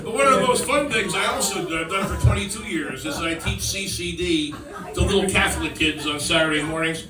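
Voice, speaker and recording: A middle-aged man tells rambling stand-up stories, now and then slipping into kids' voices. His voice sits a little high and comes from a distance off the mic. The room is echoey, and a crowd laughs loudly behind him. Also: brisk, music in the background. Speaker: stand-up comedian. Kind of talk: stand-up routine. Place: comedy club stage with audience.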